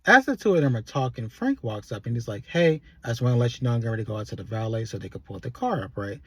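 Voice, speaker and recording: Husky man recapping a TV episode. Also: medium pitch, expressive, racing, no echo. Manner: retells scenes by voicing characters' lines loosely. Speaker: TV show reviewer. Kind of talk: casual recap commentary.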